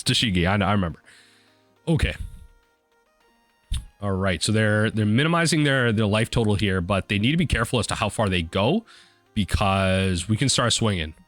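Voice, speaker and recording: A man casually commenting on his own card game as he plays, thinking aloud with sudden excited bursts. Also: fairly low pitch, no echo.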